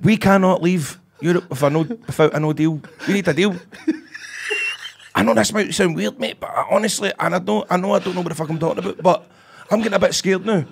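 A man's voice: high voice, fast, gravelly, breathy edge. A young Scottish man co-hosting a football podcast, talking in casual banter with a lot of laughter and swearing. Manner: animated, sweary, laughs often. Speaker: podcast co-host.

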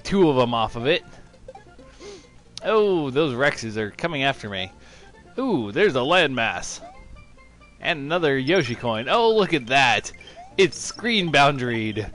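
Slow, sarcastic game commentator man. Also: mid-range voice, a bit bright. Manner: mock-enthusiastic, sarcastic. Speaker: let's-play commentator.

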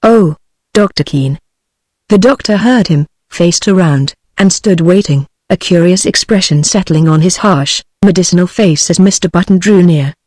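A woman's voice: on the low side, normal speed, hardly any pauses, no room sound. Brief: British English TTS woman, audiobook narration, dry close sound. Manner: even, synthetic reading. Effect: text-to-speech voice. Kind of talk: scripted narration.

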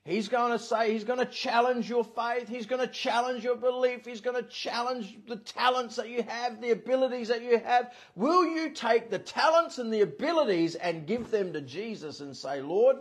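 A man preaching as a pastor, his voice sitting high and slightly husky. He drives home his points by repeating key phrases and acting out the voices in his stories. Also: moderate pace, hardly any pauses. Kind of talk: sermon.

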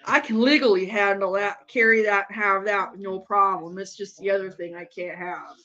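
In dull lo-fi audio, a woman streaming live talks casually as she watches a game, rambling, laughing frequently, and swearing freely. She has a medium-pitched voice with fairly even intonation, a normal pace, and a pushed, bright tone.

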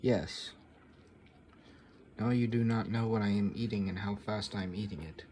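A man's voice: on the low side, steady tone, moderate pace, a little mellow, slight background noise. A man vlogging offhand at a dinner table, rambling, swearing freely and talking while he chews, recorded on a camera microphone. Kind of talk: casual rambling vlog.

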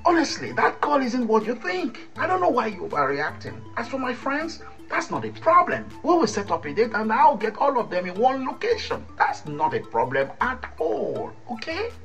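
A woman voicing an evasive, cheating young man in a radio drama, with a defensive, excitable manner. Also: fairly high pitch, normal speed, faint music behind, heavily acted. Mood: placating.

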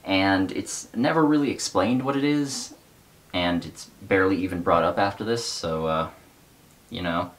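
Man, casual book recap, rambling, filler words, wry, lower pitch. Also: moderate pace.

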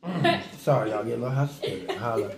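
A man's voice: on the low side, fast, creaky, a loud crowd. A man co-hosting a casual home mukbang, joking around, laughing and mimicking voices. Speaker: co-host. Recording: echoey room with light noise.

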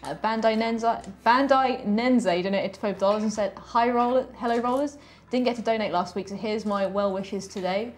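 A woman's voice: on the high side, moderate pace, slight background noise. A woman player on a tabletop stream, reading viewer donation messages in a plain, friendly way. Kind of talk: casual stream chat, reading messages aloud.

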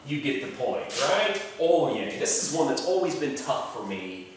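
A man's voice: medium pitch, sing-song, distant mic. A man talks through a casual lesson, drawing out each name he teaches. He sits back from the mic in a very echoey room, and a faint hiss runs underneath. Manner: chatty, pronounces names slowly and repeats them. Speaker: travel tips presenter. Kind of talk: casual explanatory talk.

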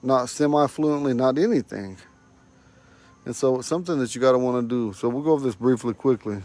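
A man teaching a casual online language lesson, recorded on a phone at home, saying each word slowly and repeating it for learners. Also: medium pitch, darkish tone, dry recording. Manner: slow, repeats words for learners.

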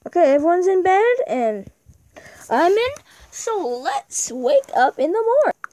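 A woman's voice: very high-pitched, very animated, a little slow, mellow. A woman giving casual gameplay commentary, chatting to herself as she plays. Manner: chatty, talks to herself while playing. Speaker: gameplay video maker.

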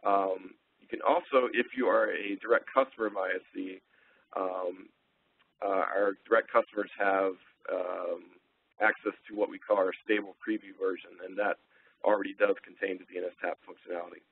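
A man presenting a technical webinar, relaxed and full of ums and uhs as he thinks aloud. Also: deep voice, moderate pace, creaky, breathy edge, no room sound. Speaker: webinar presenter, sales engineer. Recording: tinny phone-line audio.

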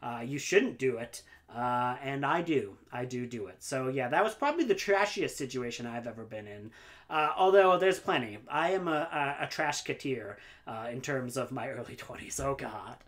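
A man's voice: medium pitch, animated, moderate pace, a bit bright. A young man chatting casually in a book tag vlog, rambling and self-deprecating with lots of ums and likes. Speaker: book vlogger.

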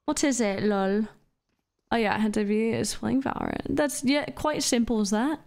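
A fairly high-pitched woman talking over a live game stream, casual and a little sweary as she answers chat. She sounds under the weather and low on energy, drifting between commentary on her plays and replies to viewers. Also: normal speed, creaky, a little mellow. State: feeling unwell, low energy. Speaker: VTuber streamer.

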